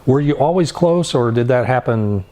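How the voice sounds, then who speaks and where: A man interviewing, asking short, calm questions. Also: medium pitch, normal speed.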